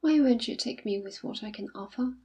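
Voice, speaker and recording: A woman's voice: fairly high pitch, a little fast, mellow, slightly rough, lo-fi sound. A woman reading aloud as a remorseful young man who earnestly pleads with his fiancée. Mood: pleading. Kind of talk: audiobook reading.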